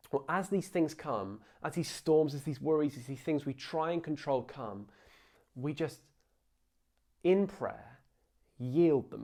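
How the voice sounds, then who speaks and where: A man's voice: medium pitch, vocal fry, darkish tone. A young man preaching an informal, earnest sermon, with fillers and asides. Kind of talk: conversational sermon.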